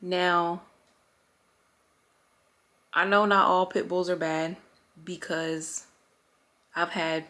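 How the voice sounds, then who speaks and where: Slow-talking chatty woman vlogger. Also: lowish voice, level tone, bright, forceful tone. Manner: rambling, chatty, self-correcting. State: slightly out of breath. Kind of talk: casual chat.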